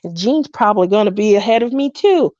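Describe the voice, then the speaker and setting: Chatting and storytelling on her craft livestream, a woman in her fifties laughs a lot and acts out people's quotes. Her medium-pitched voice is dark-toned, a little fast and lively in intonation. The audio is dull with no room sound.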